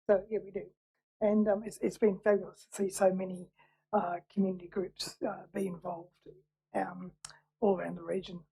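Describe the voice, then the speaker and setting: Halting, mellow-voiced councilwoman. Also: mid-range voice, flat delivery, gravelly, low-quality recording. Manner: halting, many fillers and repeats. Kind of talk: council meeting remarks.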